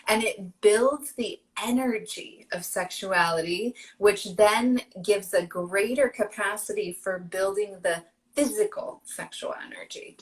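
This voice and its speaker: A woman guest coach speaking in a flowing, affirming way, sometimes dropping soft. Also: mid-range voice, unhurried, low-quality recording. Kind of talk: conversational interview.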